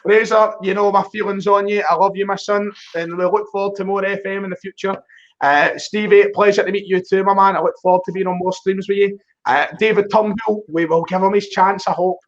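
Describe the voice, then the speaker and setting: A Scottish man talks fast as a guest in a casual football chat, his voice set fairly high. He jokes around and keeps it chatty. The online call audio sounds dull and lo-fi. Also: steady tone. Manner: chatty, joking, fast talking.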